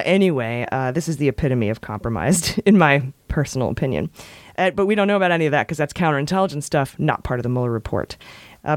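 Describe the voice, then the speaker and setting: A woman's voice: sits low, a little mellow, dry recording. A woman co-hosting a podcast in casual chat, wry and jokey, breaking into goofy voices and bits of song. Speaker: podcast co-host.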